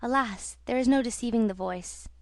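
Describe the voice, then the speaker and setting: A devoted young female singer pours out her story, read by a woman in a storybook telling. The voice sits fairly high and soft, and the recording is dry and close. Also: moderate pace, no room sound, lightly acted. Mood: confiding. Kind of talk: audiobook reading.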